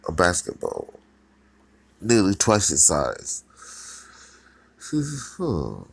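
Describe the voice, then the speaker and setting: A man narrates a fan story slowly and casually, rambling along with fillers and restarts. His low, gravelly voice swings widely in pitch, recorded close and dry. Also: wildly swooping pitch.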